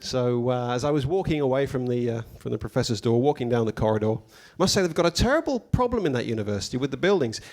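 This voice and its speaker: A man doing a stand-up comedy routine, telling stories in a deadpan, mock-pompous way with dry asides. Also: medium pitch, fast talker, few pauses.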